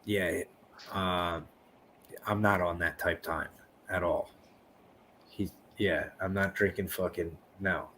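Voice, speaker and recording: Man, low voice, crude rambling banter, podcast co-host. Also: steady tone, pushed and bright, slight background noise. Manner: profane, rambling, quick to act out quotes.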